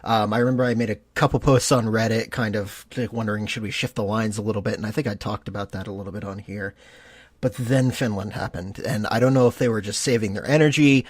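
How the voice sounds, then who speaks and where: A man's voice: on the low side, fairly even intonation, fast, no echo. Earnest male podcast co-host, thinking aloud. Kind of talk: casual sports podcast chat.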